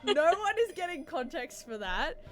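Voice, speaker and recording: A woman's voice: high-pitched, big pitch swings, normal speed, soft background music. A young woman, chatting and joking while reading a visual novel aloud with a friend. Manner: giggly, rambling, jokey. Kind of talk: casual chat and dramatic reading.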